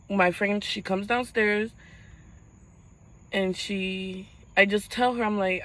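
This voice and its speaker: A young woman speaks straight to her camera in a mid-pitched voice. Her voice catches and halts as she holds back tears, and she often starts a sentence over. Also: level tone, a bit bright, poor audio. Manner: halting, fighting back tears. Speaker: vlogger. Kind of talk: personal storytelling vlog.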